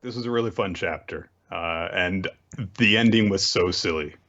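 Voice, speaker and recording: Male podcast co-host, low voice, casual recap with wry asides, dull lo-fi audio. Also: a bit bright. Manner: quick, joking summary with dry asides. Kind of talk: casual chat, recapping manga chapters.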